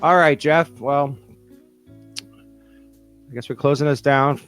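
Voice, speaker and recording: A New man hosts the show with a smooth, clear voice and a teasing, mock-formal manner. Faint music sits beneath his voice. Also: mid-range voice, fairly even intonation, takes it slowly, fairly bright tone. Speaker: podcast host. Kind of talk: casual interview.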